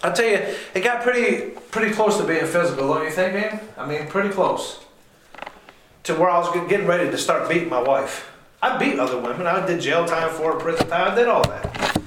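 A man's voice: expressive, brisk, background noise. A man preaching a sermon in a church, impassioned and speaking straight to his listeners, often calling them "man". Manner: impassioned, rising to high-pitched fervor. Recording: very echoey church room.

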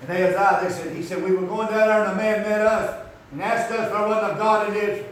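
Folksy preacher in an echoey church. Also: male voice, sits high, little pitch movement, quick pace, a little hiss or hum. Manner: rambling folksy preaching, rising to shouts. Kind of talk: sermon. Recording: echoey hall from far off.

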